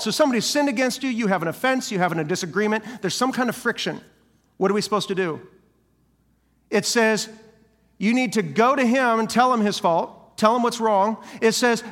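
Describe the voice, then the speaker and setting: A man's voice: sits high, lively intonation, fairly quick, fairly bright tone, long reverb tail. A male senior pastor giving a sermon, preaching animatedly and acting out the voices of people he quotes.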